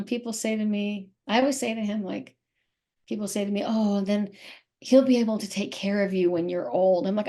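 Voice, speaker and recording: A woman's voice: mid-range voice, mellow. A middle-aged woman speaking candidly as an interview guest, emotional and rambling, often repeating herself.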